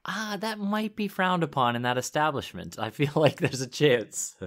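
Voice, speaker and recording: A man's voice: a little high, big pitch swings, normal speed. A man co-hosting a podcast, easygoing and laughing often in casual chat. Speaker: podcast co-host.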